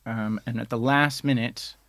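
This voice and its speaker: Give me a relaxed man, story told dry. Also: medium pitch, moderate pace, dry recording. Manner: relaxed storyteller, many fillers. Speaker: podcast guest, film editor. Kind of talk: casual studio chat. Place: studio.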